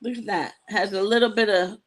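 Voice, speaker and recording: A woman's voice: medium pitch, fairly even intonation, brisk, low-quality recording. A woman hosting a live jewelry-selling show, chatting casually and telling sassy stories between items, with asides to her viewers. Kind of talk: casual live-stream chat.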